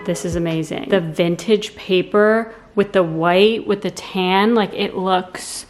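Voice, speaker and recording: A woman's voice: on the low side, steady tone, slow pace, soft background music. Bubbly American woman vlogging at home. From United States. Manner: bubbly, gushing, lots of "like" fillers. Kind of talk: casual chatty vlog narration. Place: at home, indoors. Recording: roomy echo at home.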